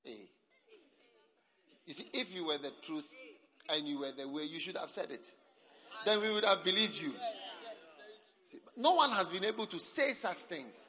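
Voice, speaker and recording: A man preaching a sermon at a camp meeting, speaking emphatically, often rising to shouts and calling for amens. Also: on the high side, animated, normal speed, long pauses. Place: large hall at a camp meeting. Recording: echoey hall.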